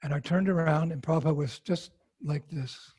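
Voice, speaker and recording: A man, a monk being interviewed, telling a personal story with animated acted-out quotes. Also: on the high side, a little fast.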